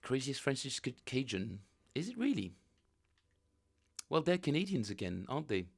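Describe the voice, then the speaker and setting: A man's voice: mid-range voice, big pitch swings, normal speed, gravelly. A man casually chatting with viewers on a live stream, rambling and joking as he reads chat aloud. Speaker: bass player streaming practice.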